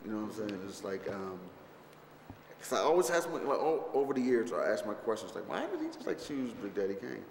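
A man with a lowish voice and vocal fry talks fairly quickly, with slight background noise, faint ambience and long reverb from an echoey hall. He's an interviewee looking back on a film shoot, telling rambling, profane stories full of fillers and restarts while acting out other people's words.

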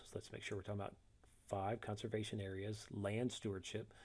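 Low gravelly man teaching software. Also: level tone, a little fast. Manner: methodical, reads steps then demonstrates, self-corrects. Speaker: instructor. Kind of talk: software tutorial screencast.

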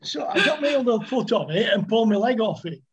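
A man's voice: sits high, very animated, fast, slight background noise. Older man telling rambling anecdotes. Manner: rambling anecdotes, laughs often. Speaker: guest, former cricketer. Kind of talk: casual storytelling.

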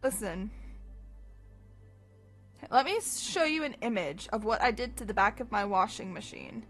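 A woman streamer chatting casually with her live audience, chatty and animated, swearing freely. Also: medium pitch, a little slow, faint music behind.

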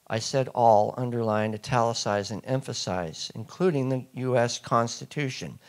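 A man's voice: mid-range voice, moderate pace. A man giving a public talk, emphatic and quizzing the audience with questions. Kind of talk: public lecture to a live audience.

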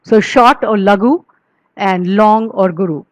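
A woman's voice: mid-range voice, a little slow, dry recording, low-quality recording. A woman giving an academic lecture, explaining patiently with frequent fillers and restarts, and chanting verse in rhythm. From India.

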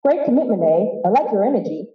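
A woman's voice: mid-range voice, sing-song, fast, far from the mic, close to an everyday voice. A woman voicing a cheerful, encouraging male Canadian hockey coach in a memorial speech. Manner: upbeat, encouraging. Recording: roomy, dull hall sound.

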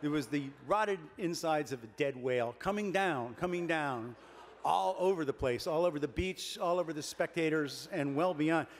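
An older man giving a comic keynote speech at a dinner, deadpan and wry, building his jokes with pauses. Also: fairly high pitch. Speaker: keynote speaker. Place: large banquet hall with a dinner audience. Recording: reverberant banquet hall, faint room noise.

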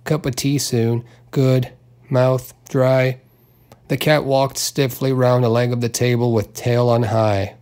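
Man, audiobook narrator, literary reading, slow pace, middle pitch, measured. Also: level tone, a little mellow. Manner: unhurried, measured delivery with small voiced character touches.

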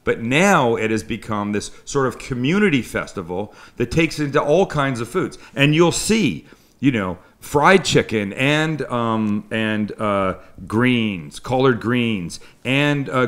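A Canadian man hosting a live cooking stream. He chats loosely and pokes fun at himself, with a mid-pitched voice and plenty of restarts as he reads and riffs. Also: expressive, measured pace, fairly bright tone. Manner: chatty, self-deprecating, rambling with restarts. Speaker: cooking show host. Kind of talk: casual live-stream chat. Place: home kitchen studio with crew.

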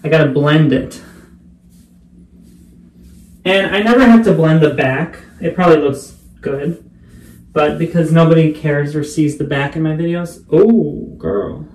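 A man vlogging casually while getting ready, chatty and playful, often dropping into quiet muttered asides. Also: on the high side, measured pace, long pauses. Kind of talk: casual get-ready-with-me vlog.

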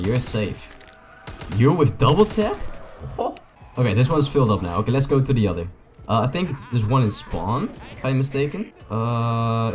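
A young man, a native Dutch speaker, gives excitable, joking, rambling commentary to his viewers as he plays a video game. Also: lowish voice. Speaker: gaming YouTuber. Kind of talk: casual gameplay commentary.

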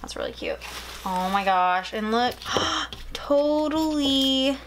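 A young woman unboxing craft goodies, gushing and excitable, drawn-out words at an unhurried pace. Her voice sits in a middle pitch, and a steady background noise runs behind her home recording. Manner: gushing, excitable, frequent gasps. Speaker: planner vlogger. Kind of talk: casual unboxing chat. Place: home room.

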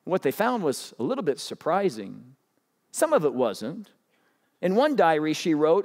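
Male pastor, animated preacher, a touch high-pitched, recorded in a large reverberant church hall. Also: normal speed. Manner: animated, urging the crowd with rising pitch. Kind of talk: sermon.

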